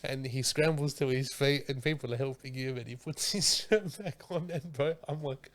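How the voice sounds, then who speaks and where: A man's voice: medium pitch, moderate pace. A man hosting a podcast, telling stories in casual, slangy chat. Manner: animated storytelling with slang. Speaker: podcast host.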